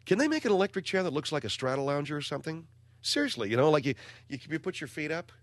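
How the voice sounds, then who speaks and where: A man's voice: fairly high pitch, sing-song, fast talker, dry recording. A man hosting a comedic talk radio show, wisecracking and exasperated.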